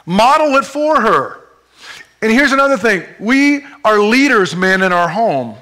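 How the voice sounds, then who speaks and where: At a church service, a pastor delivers a sermon in a high, bright, clear, forceful voice at a measured pace. Playful and animated, he jokes with a volunteer while demonstrating his points.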